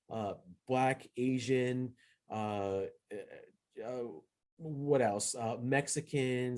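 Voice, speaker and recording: A man's voice: medium pitch, a little mellow. Rambling young man hosting a podcast. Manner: rambling, many fillers and restarts; acts out quoted dialogue in retelling. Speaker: podcast host. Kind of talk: casual solo movie review.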